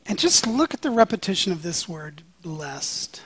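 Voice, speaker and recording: A man's voice: high-pitched, big pitch swings, moderate pace, a bit bright, slightly rough, dry recording. A male pastor preaching a sermon in a conversational, joking way, with frequent "um"s.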